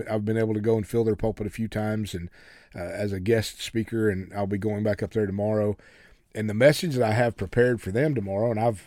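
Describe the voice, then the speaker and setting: A man's voice: on the low side, a little mellow, dry recording, studio quality. A man who hosts a podcast and preaches as a guest, reading a novel aloud and reflecting earnestly on it. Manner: earnest, reflective, with some restarts.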